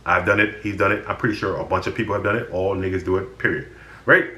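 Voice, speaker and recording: A man's voice: low-pitched, fairly even intonation, fast, bright, forceful tone, roomy sound. A man casually telling stories about his friends on his vlog. He sounds exasperated and swears freely. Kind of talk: casual storytelling.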